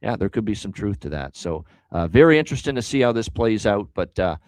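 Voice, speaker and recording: A man with a fairly low voice hosts a betting show and works through his picks in an emphatic, easygoing way. The sound is dry and close, with no room around it. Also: expressive, a little fast, a little mellow, no echo, rough recording. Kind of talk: casual sports betting analysis.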